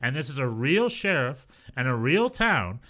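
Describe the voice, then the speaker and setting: A man co-hosting a podcast, chatting casually and telling animated stories, sometimes mimicking other people's voices. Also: medium pitch, normal speed. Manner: animated storyteller, mimics voices, laughs often. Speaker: podcast co-host. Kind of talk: casual chat.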